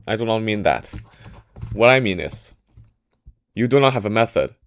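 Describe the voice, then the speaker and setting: A man's voice: fairly low pitch, animated, moderate pace, dry recording. A man doing a scornful, bold warlord. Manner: mocking, then declaring loudly. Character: ambitious bold male warlord, scornful of cowards. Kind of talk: casual storytelling.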